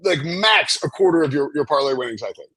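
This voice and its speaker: Husky-voiced man talking bets. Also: a little high, expressive, fast talker, sharp tone, dry recording. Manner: rambling, hesitant, lots of fillers and restarts. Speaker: sports betting analyst. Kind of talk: casual live-stream betting chat.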